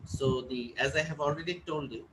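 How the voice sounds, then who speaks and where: A man's voice: fairly high pitch, moderate pace, heavy background noise. A man lecturing a class, often repeating points and checking that students follow. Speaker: teacher.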